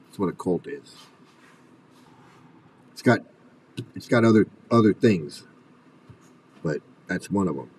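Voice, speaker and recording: A man's voice: low-pitched, animated, measured pace, pauses often, a little mellow, far from the mic, slight background noise, rough recording. A man delivering an angry commentary rant, swearing and firing off furious rhetorical questions. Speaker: commentary video host.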